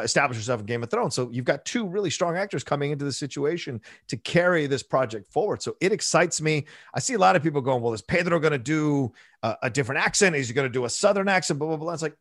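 A man's voice: mid-range voice, no room sound, studio quality. A man guest on a film podcast, talking with passion and emphasis. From Latino (US). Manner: passionate, emphatic, preachy asides. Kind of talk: casual podcast chat.

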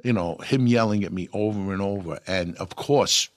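An older man, an actor telling lively anecdotes in an interview and acting out the lines he quotes. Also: low voice, moderate pace, dry recording, studio quality. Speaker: actor guest. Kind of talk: storytelling interview.

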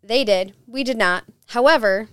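A woman guest on a podcast, telling her paranormal investigation story in a casual, animated way and acting out quotes. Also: on the high side, normal speed, clean tone, dry recording, clean studio sound.

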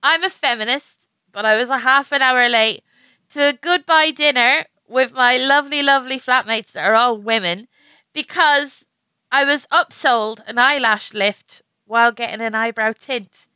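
A woman's voice: high voice, normal speed, pushed and bright, clean tone, dry recording. A woman co-hosting a comedic podcast over a video call, wry and self-mocking, often breaking into giggles. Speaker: podcast co-host.

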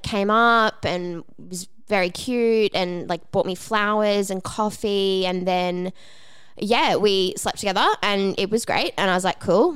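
This woman tells a story on a podcast in a lively, casual way and acts out each quoted line. Her voice is smooth and clear, and she swears freely as she talks. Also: fairly low pitch. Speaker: podcast co-host.

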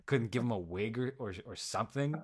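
A man's voice: mid-range voice, fairly quick, slightly rough. A man hosting a casual movie review chat, opinionated and given to sarcastic asides. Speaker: podcast host.

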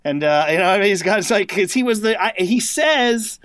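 A man from the United States chatting on a podcast, telling stories with excitement and loudly acting out quotes he remembers. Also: sits high, fast talker, no echo. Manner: excited storyteller, acts out quoted commentary loudly. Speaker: guest contributor. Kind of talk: casual podcast chat.

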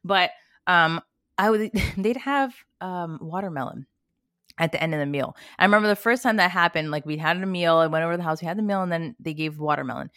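A Canadian woman co-hosting a podcast, telling personal stories in an animated way with quoted asides. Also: lowish voice, brisk, no room sound, studio quality. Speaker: podcast co-host. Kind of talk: casual chat.

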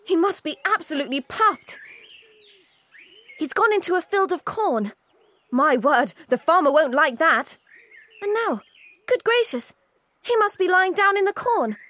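A woman voicing an excited girl giving breathless running commentary. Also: very high voice, unhurried, long pauses, exaggerated voice.

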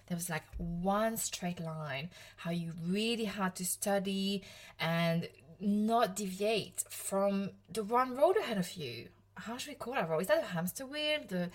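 Woman, 30s, French accent, solo podcast host, coach, casual and chatty, self-deprecating. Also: mid-range voice. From France, Provence.

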